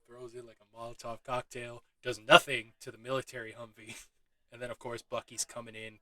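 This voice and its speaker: A man giving a casual, excitable movie recap, swearing often and laughing as he talks. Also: medium pitch, rough recording. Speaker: movie reviewer.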